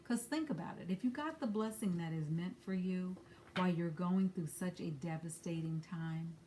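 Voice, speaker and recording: A woman with a slightly low voice gives an angel-card reading in a frank, chatty way. She swears casually and drops friendly asides as she speaks from home. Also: normal speed, warm tone, slight background noise. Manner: candid, blunt, swears casually. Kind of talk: spiritual guidance talk. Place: at home with a dog nearby.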